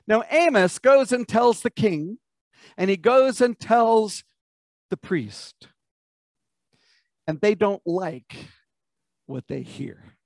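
An American pastor preaches a sermon, retelling a scripture passage as a vivid story. He often invites listeners to picture the scenes. His voice is fairly high, and the sound is dry and close. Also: expressive, takes it slowly, creaky, long pauses, darkish tone, no echo. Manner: vivid storytelling, asks the congregation to imagine.

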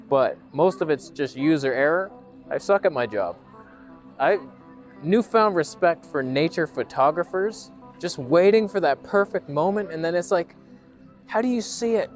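A man chatting playfully outdoors as a camera vlogger, joking at his own expense and slipping into mock narration. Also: on the high side. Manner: playful, self-mocking banter with mock narration. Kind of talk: joking outdoor vlog chat. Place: outdoors at a beach ridge.

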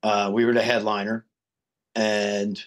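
A man's voice: fairly low pitch, measured pace. A man, a guest singer, telling a story in casual podcast talk and acting out the quoted dialogue. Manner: animated, acts out quoted dialogue.

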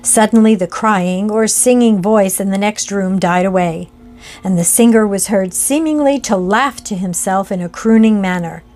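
A woman narrating a classic ghost story in a slow, measured reading voice. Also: medium pitch, darkish tone, faint music behind.

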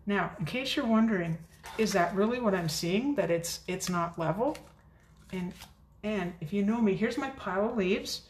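A chatty woman demonstrating card making in a casual crafting video, talking fast and poking fun at her own forgetfulness. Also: mid-range voice, slight background noise. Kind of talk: casual crafting tutorial chat. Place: home craft room. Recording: echoey room.

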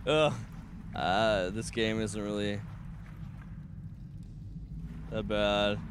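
A young man streaming a horror game, rambling nervously and breaking into panicked shouts. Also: on the low side, little pitch movement, takes it slowly, background noise. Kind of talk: horror game livestream commentary.

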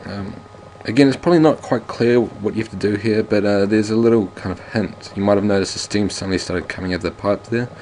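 Let's play host, male, deep voice, relaxed wry commentary. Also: quick pace, hardly any pauses, slight background noise. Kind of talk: casual game commentary reading a text adventure.

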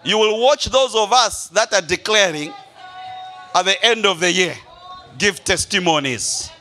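A man's voice: high voice, a little slow, sharp tone. A male pastor preaching a sermon to a congregation. He speaks emphatically, repeats key phrases and calls his listeners beloved. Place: church service before a congregation.

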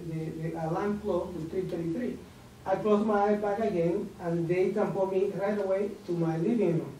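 A man whose first language is Spanish speaks in a warm, mellow voice. His English is halting and broken, full of repeated words and soft chuckles. He is picked up from across a large, echoey room with a faint hiss. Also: high-pitched. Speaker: meditation event host. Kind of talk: sharing a personal spiritual story. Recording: echoey room, distant mic, some noise.

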